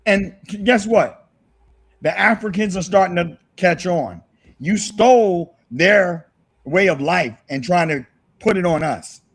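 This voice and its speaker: A man with a husky voice, speaking heatedly and repeating himself as a guest on a livestream call. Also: sits high, animated, slow pace. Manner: heated, repetitive, emphatic. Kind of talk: impassioned livestream callout.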